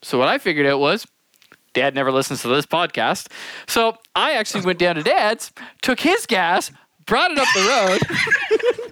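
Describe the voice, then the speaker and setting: A man's voice: high-pitched, lively intonation, normal speed, pushed and bright. A man co-hosting a podcast, telling a funny story among friends, laughing and acting out the people he quotes. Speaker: podcast co-host.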